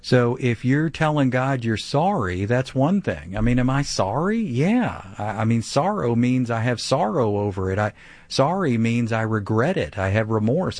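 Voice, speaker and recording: Male radio Bible teacher, mid-pitched voice, emphatic conversational preaching, dry close studio sound. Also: sing-song, a little slow, a little mellow, no echo. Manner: earnest, emphatic, repeats phrases for stress.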